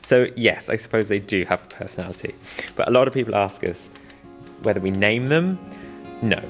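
A man with a low, gravelly voice talks about weaving in a documentary interview. He rambles a little, makes fun of himself and chuckles now and then. His tone stays easy and unhurried. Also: faint music behind. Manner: self-deprecating, chuckling, rambling. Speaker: weaver restoring old looms.

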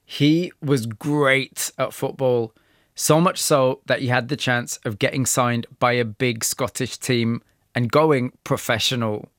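A man hosting a radio interview program, narrating with a measured storytelling delivery and questioning a guest. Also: medium pitch, fairly even intonation, fairly bright tone, no room sound, clean studio sound. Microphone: studio microphone.

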